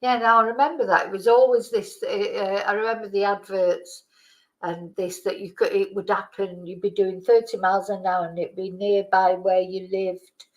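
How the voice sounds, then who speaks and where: A woman's voice: mid-range voice, little pitch movement, moderate pace, low-quality recording. A woman hosting a casual chat, rambling and exclaiming as she reacts to old videos. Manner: chatty, rambling, exclaiming in disgust. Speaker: channel host.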